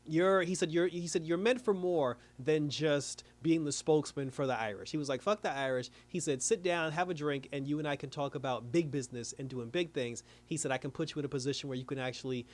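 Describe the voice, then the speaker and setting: A man with a fairly high voice reviews a TV episode in a loose, casual recap. He talks with animated energy and laughs often. He drops his voice low when he mimics the characters. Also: a little fast, hardly any pauses. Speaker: TV show reviewer.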